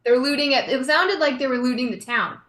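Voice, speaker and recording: A woman playing a tabletop game explains things calmly in a high voice. The room around her carries a noticeable echo. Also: brisk. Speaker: player. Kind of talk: casual tabletop role-play. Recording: roomy echo.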